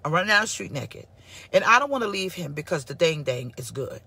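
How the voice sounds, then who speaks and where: A woman pastor giving a casual live-streamed sermon, sassy and animated as she answers her online viewers. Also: deep voice, a little fast, vocal fry, slightly rough. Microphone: phone or computer mic for live stream.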